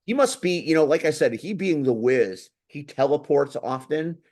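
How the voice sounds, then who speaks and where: A man hosting a casual talk show, blunt and quick to swear when he gets heated. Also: fairly high pitch, lively intonation, a little mellow. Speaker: podcast host. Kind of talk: casual chat.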